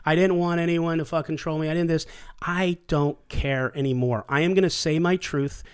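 A man's voice: a little high, fairly even intonation, normal speed, clean tone. Heated, swearing man hosting a show. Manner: blunt, profane, emotional. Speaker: podcast host. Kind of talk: heated casual conversation.

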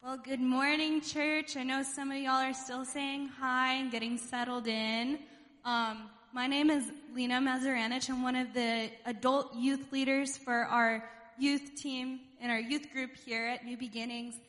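High-voiced woman leading church prayer. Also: level tone, a little slow, a bit bright, in a large hall. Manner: fervent, repeating God and Father between phrases. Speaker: adult youth leader. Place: church sanctuary.

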